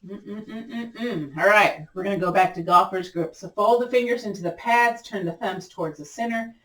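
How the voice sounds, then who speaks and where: A woman teaching a gentle yoga class, giving encouraging, chatty cues and repeating them often, her voice cracking a little. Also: mid-range voice, fairly quick, roomy sound, far from the mic. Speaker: yoga instructor. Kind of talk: guided yoga class instruction.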